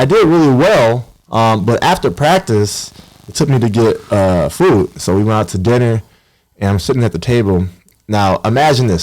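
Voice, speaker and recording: A man's voice: on the low side, a little mellow. A man, a professional basketball player guesting on a podcast, telling stories animatedly and acting out voices. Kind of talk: casual storytelling interview.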